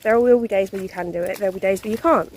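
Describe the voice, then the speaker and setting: A young woman vlogger talks to her phone while walking her dog through a muddy forest, speaking at a racing pace in a mid-range, darkish voice. She's a bit out of breath and laughs a lot as she chats.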